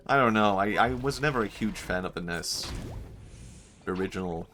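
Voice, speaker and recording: A man chatting casually on a gaming livestream in a fairly low voice. He muses aloud and laughs often at his own mistakes. Faint music plays behind him. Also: moderate pace, a bit bright. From Sweden. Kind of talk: casual chat while gaming.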